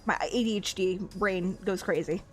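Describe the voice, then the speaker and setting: A woman's voice: medium pitch, normal speed, faint music behind. A young woman streaming a game, chatting casually, gushing about the characters and giggling often. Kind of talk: casual gameplay commentary.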